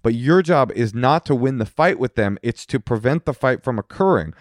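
A man co-hosts an advice podcast in a casual, animated way. He acts out quarrels with relatives in quick put-on voices, at a middling pitch. The recording is close and dry. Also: no echo. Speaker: co-host giving advice.

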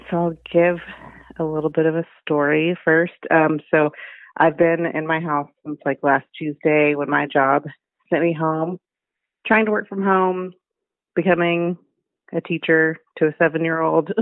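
A woman's voice: sits low, fairly even intonation, measured pace, no room sound. A heavily pregnant woman calling into a podcast, chatting and telling her story. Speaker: caller. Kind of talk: casual chat. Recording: tinny phone line.

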